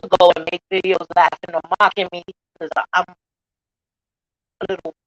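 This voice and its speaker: A woman vlogger speaking to her channel in an earnest, defensive way, shifting from soft pleading to blunt defiance, sounding emotional and near tears. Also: fairly low pitch, little pitch movement, a little fast, no room sound, low-quality recording. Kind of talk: emotional livestream apology.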